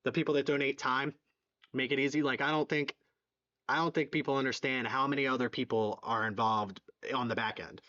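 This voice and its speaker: Philly-male stream host, excitable, repeats lines, slightly muffled audio. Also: medium pitch, fairly quick. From southeastern Pennsylvania. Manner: excitable, repeats himself, reads donations aloud. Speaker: livestream fundraiser host. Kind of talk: live stream chat.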